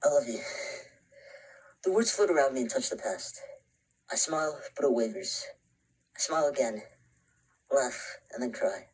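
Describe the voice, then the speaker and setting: A man's voice: mid-range voice, slightly rough, poor audio. An actor playing an anxious, introspective young man who narrates a short film in a half-whispered voice. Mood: shaken. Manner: brooding, often half-whispered, breaks into panicked shouts.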